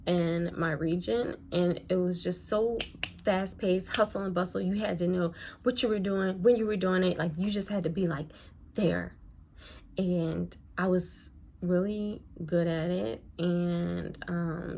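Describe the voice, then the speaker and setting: A woman's voice: lowish voice, gravelly, a little mellow, a little hiss or hum. A woman who works as a nurse, chatting casually and rambling through a story while she does her makeup. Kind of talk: casual get-ready-with-me chat.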